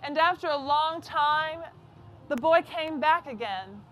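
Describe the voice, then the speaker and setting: Storyteller: woman, high voice, unhurried, soft and deliberate read-aloud. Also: lively intonation.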